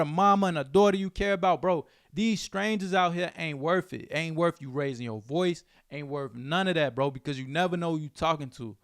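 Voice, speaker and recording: Young male reaction host from Chicago, streetwise slang, dry close sound, slightly high voice. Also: smooth, dry recording. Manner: animated, streetwise slang, repeats himself. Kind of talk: casual commentary.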